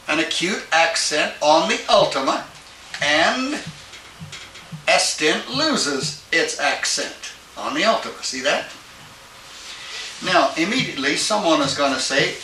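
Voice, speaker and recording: A man's voice: a little high, sharp tone, a little hiss or hum. A man teaching a Greek class, explaining step by step and checking in with questions. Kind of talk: classroom lecture. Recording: echoey classroom from a distance.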